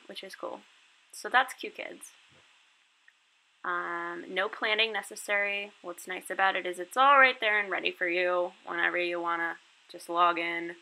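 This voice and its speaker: Her mid-range voice sounds pushed and bright, and the audio is poor. She teaches English online and here offers a casual screen walkthrough, explaining her lessons step by step in a chatty way with casual fillers.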